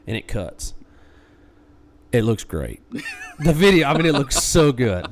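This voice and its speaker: A man hosts a casual podcast chat. His voice swings high and low as he excitedly tells a story, with a mid-range pitch. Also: a little slow, long pauses, a little hiss or hum. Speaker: podcast host.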